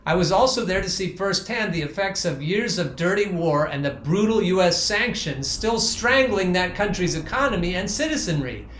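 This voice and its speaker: A man with a fairly high voice hosts a podcast, reading quotes aloud and cutting in with sarcastic, scornful asides. He talks bluntly and swears freely. The room around him is echoey. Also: lively intonation, moderate pace, few pauses, fairly bright tone, a little hiss or hum. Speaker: podcast host.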